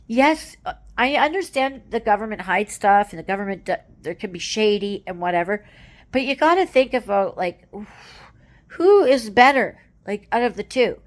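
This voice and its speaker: A woman's voice: medium pitch, animated, moderate pace. A woman from Canada giving casual political commentary, exasperated and rambling, with many fillers and tag questions.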